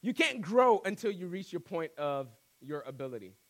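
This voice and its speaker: A man with a very high voice preaches a sermon. His delivery is animated and conversational, and he slips in jokes between his points. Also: normal speed. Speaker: pastor.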